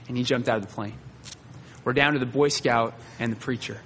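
A male pastor preaching a sermon, telling stories with dramatic pauses and drawn-out emphasis. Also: medium pitch, fairly even intonation, fairly bright tone, long reverb tail, slight background noise.

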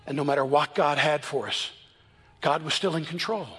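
Husky-voiced man preaching a sermon. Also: on the high side, fairly bright tone. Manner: earnest storytelling preacher, shifts between quick and slow emphatic delivery. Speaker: pastor. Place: church.

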